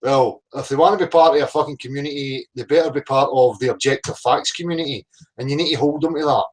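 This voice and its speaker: A man's voice: mid-range voice, fast talker, rough recording. A man hosting a casual livestream, blunt and sweary, greeting chat viewers by name. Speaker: livestream host.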